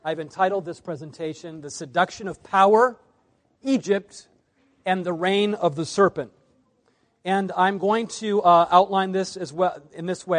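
A man's fairly high-pitched voice giving a sermon presentation to a congregation. He leans hard on key words and then lets the ends of phrases fall quiet. He sounds like a man in his forties from the United States. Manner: varies loudness widely, drops low at phrase ends. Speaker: preacher.

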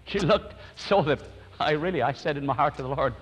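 An older male pastor telling a personal story as a fervent, lively sermon. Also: on the high side, a little fast, husky, long reverb tail, lo-fi sound.

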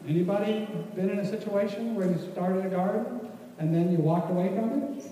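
A man's voice: high voice, brisk, dark tone. A man giving a folksy, rambling teaching talk to a room, full of restarts. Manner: casual, rambling, many restarts. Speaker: church class speaker. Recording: echoey hall from far off.

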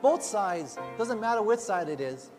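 High-voiced man preaching in a reverberant hall. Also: animated, unhurried. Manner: earnest, conversational preaching with rhetorical asides. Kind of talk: sermon. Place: church. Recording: long hall reverb, faint music behind.

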